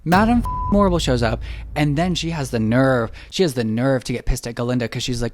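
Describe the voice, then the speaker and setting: A young man giving a snarky, profane comedic movie recap, acting out characters in quick asides. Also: medium pitch, animated, a little hiss or hum.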